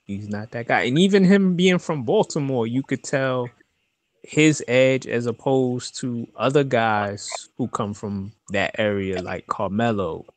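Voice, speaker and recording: A man's voice: medium pitch, a little slow. A man co-hosting a casual sports talk show. He goes along easily with his partner, chiming in with short agreements before making his own points. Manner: agreeable, backs up the other host with short replies. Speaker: podcast co-host.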